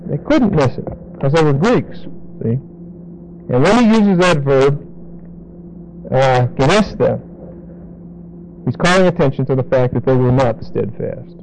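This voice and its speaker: A man teaching a Bible study to a congregation, explaining word meanings and repeating key words slowly for emphasis. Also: medium pitch, expressive, a little mellow, slight background noise, low-quality recording.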